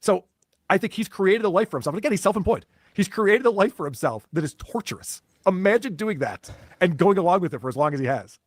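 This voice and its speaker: A man co-hosting a podcast, excitable and profane, acting out what others said. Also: sits high, quick pace, no echo, clean studio sound. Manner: excitable, swears, acts out quotes. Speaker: podcast co-host. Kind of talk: casual podcast chat.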